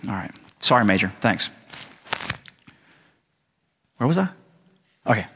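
Husky-voiced man preaching in a hall. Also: on the low side, very animated, measured pace, pauses often, bright, forceful tone. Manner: conversational, checks in with "right?" often. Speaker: pastor. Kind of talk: sermon with scripture reading. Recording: long hall reverb.

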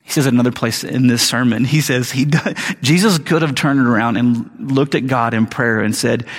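Husky-voiced preacher in a reverberant hall. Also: male voice, medium pitch, moderate pace. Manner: casual slangy storytelling, acts out the people he quotes. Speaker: pastor. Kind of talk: conversational sermon.

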